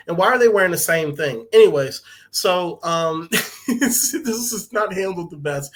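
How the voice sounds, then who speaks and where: Man podcast host, slightly high voice, casual profane recap full of fillers. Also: fairly bright tone. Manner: loose, profane, laughs often, many fillers.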